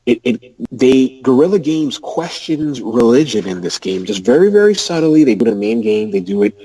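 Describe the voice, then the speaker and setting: A man co-hosting a casual gaming podcast, talking in quick animated rants. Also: medium pitch, vocal fry, husky, no room sound, poor audio. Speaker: podcast co-host.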